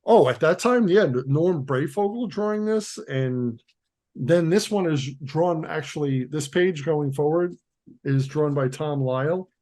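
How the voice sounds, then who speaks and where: A man's voice: fairly high pitch, animated, unhurried, darkish tone. A man co-hosting a casual chat about comics, rambling with restarts and lots of "like". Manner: rambling, restarts, many likes. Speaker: co-host.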